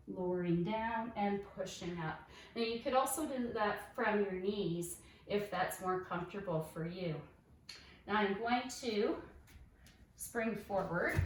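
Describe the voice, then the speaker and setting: A woman fitness instructor guiding a yoga class with calm, encouraging step-by-step cues. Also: medium pitch, far from the mic, slight background noise. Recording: echoey room, voice off-mic.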